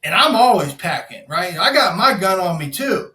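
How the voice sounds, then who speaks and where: High-pitched, bright-voiced profane man. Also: moderate pace, reverberant. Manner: profane, animated storytelling, acts out quotes. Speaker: podcast guest, insurance broker. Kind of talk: casual storytelling.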